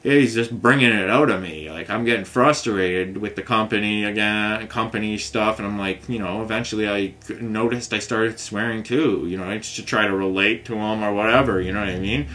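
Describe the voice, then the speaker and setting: A man's voice: lowish voice, fairly quick, few pauses, bright, forceful tone. A man telling a story to camera in a casual, rambling and frustrated way, full of asides. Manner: rambling, frustrated, many "you know what I mean" asides. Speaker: vlogger.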